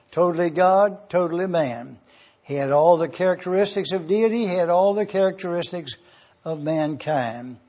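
A man teaching a Bible class, measured and repetitive, repeating verse references so listeners can write them down. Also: fairly high pitch, darkish tone. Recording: dull lo-fi classroom tape.

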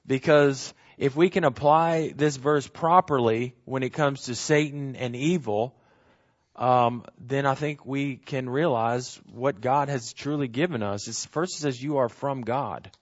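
A man's voice: medium pitch, a little slow, dull audio. A man preaching a sermon, repeating words for emphasis and often asking "right?" as he teaches. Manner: repetitive emphatic preaching with frequent tag questions.

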